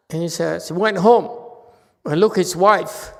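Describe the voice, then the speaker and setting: A male Buddhist monk giving a dharma lecture. He tells stories in an animated way, repeats himself and keeps checking "okay?" with the listeners. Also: sits high, normal speed, gravelly. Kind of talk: dharma lecture, anecdotal storytelling. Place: temple lecture hall. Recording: reverberant hall.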